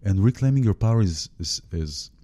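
A man hosting a spiritual conversation, speaking haltingly with many restarts as he searches for words. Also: lowish voice, expressive, warm tone.

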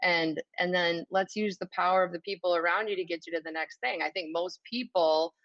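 A woman's voice: on the low side, fairly even intonation, brisk, dry recording, highs cut off. A woman co-hosting a casual panel talk, reflective, thinking aloud with many fillers.

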